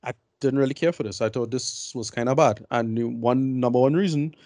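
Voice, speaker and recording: A man's voice: medium pitch, fairly quick, darkish tone, no echo, studio quality. A man giving blunt, rambling film opinions in a casual podcast chat. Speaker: film review podcast co-host.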